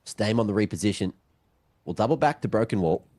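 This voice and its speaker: A young man casting a game play by play, excitable, with banter between calls. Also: on the low side, brisk, no echo. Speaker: esports caster. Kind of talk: play-by-play commentary.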